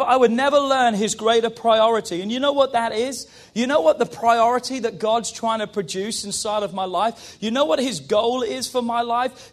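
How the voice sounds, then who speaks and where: A man pastor preaching a sermon, building from quiet teaching to shouted fervor. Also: very high voice.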